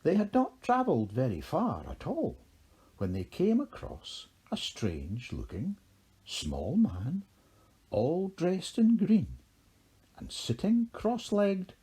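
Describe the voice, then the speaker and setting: A man reads a children's storybook aloud, slow and unhurried. His voice is husky and mellow, and his pitch swoops widely as he tells the tale. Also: wildly swooping pitch. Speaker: narrator. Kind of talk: storybook reading.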